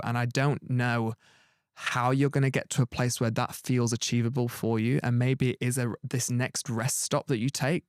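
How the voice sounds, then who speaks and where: A man's voice: medium pitch, smooth, no room sound, studio quality. A man giving a tarot reading, talking in a rambling, earnest way full of "like" and restarts. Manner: rambling, many "like" fillers and restarts; earnest and reassuring. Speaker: tarot reader.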